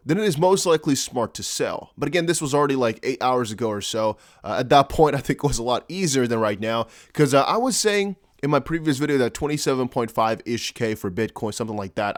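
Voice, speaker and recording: A man's voice: mid-range voice, fast, hardly any pauses, dry recording, studio quality. A man with an American-ish accent hosting a casual crypto vlog, chatty and rambling, with jokey asides. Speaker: crypto YouTuber.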